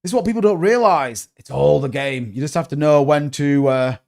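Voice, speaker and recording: A young man hosting a live crypto stream, talking excitably and rambling straight to his viewers. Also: a little high, fairly quick, gravelly. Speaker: crypto channel host. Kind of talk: live-stream market commentary.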